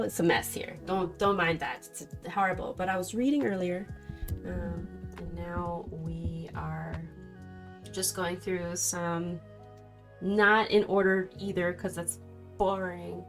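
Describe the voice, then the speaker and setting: Lady streamer doing tarot, low-ish voice, chatty and affectionate, soft music behind. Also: takes it slowly, gravelly. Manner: chatty, greets viewers affectionately. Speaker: streamer reading tarot cards. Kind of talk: casual livestream chat.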